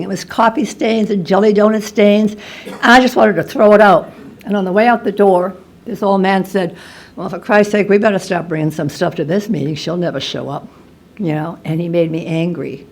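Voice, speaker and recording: Woman sharing her story at a recovery meeting, wry and blunt, bit of gravel in her voice. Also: mid-range voice, darkish tone. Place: meeting hall.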